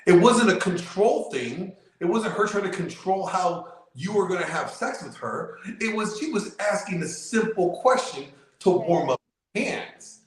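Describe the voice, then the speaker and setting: A man's slightly high voice rings through a very echoey room. He is a guest in a casual chat, rambling through a long anecdote with fillers. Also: expressive, a little slow. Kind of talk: casual storytelling.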